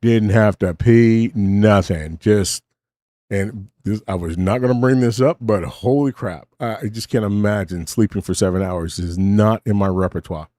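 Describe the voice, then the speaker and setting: A middle-aged man with a low, warm voice drifts through a casual late-night monologue at a studio mic. He interrupts himself often and drops wry asides, sounding short on sleep. The sound is dry and close. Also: normal speed, no room sound. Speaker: host of a late-night stream. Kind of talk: casual rambling talk. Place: home studio. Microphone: studio mic with cough button.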